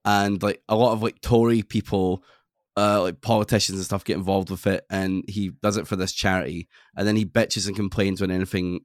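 A man co-hosting a podcast in casual chat, swearing and ranting with rising excitement. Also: low voice, fairly quick, no echo, clean studio sound. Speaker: podcast co-host.

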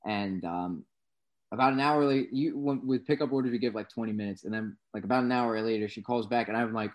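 A man's voice: medium pitch, fairly quick, dull audio. A young man co-hosting a casual podcast, telling work stories and acting out his own reactions with animation. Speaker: co-host.

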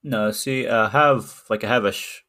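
Young man with a lowish, hesitant voice. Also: normal speed, sharp tone, no echo, clean studio sound. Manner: hesitant, repeats words when starting. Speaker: podcast co-host. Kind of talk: casual chat.

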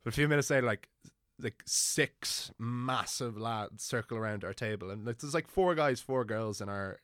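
Irish male podcast guest, mid-pitched, chatty storyteller, dry studio sound. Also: normal speed, clean tone, dry recording. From Ireland. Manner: animated anecdote telling with frequent "like" fillers and laughs. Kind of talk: casual storytelling chat.

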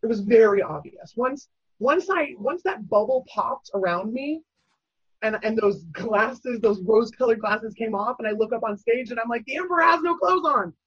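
Woman guest telling her story, husky breathy voice, animated, dry dull-sounding audio. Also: on the high side, moderate pace, dry recording. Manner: animated, acts out quoted voices, many fillers. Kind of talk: candid personal storytelling.

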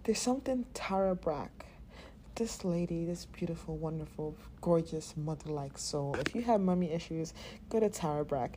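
A woman hosting a podcast, talking unscripted, candid and profane, often laughing and sometimes dropping into a soft half-whisper. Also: low voice, lively intonation, moderate pace, background noise. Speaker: podcast host.

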